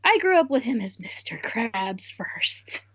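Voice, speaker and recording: A woman's voice: a little high, big pitch swings, measured pace, a bit bright, dry recording. A woman co-hosting a stream in casual chat, mostly giving short agreeing replies.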